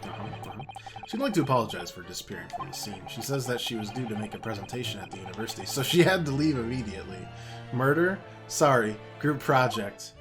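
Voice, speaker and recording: A let's play host, a man, reads courtroom game dialogue aloud with a lively, bouncing pitch, tossing in dry sarcastic jokes between lines. He slides into hammy, theatrical put-on voices for the characters while game music plays underneath. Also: quick pace. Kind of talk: reading game dialogue aloud with wry commentary.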